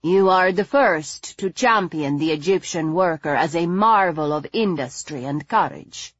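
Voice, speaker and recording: Woman voicing a refined gentle aristocratic lady. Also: fairly low pitch, lively intonation, slightly rough, no echo, lo-fi sound. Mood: measured. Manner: measured, gently chiding.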